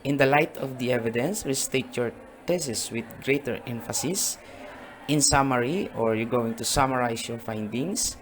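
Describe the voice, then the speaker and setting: A man teaching a slide lesson, explaining slowly with fillers and restating points. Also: medium pitch, a little hiss or hum. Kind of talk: slide-based online lesson.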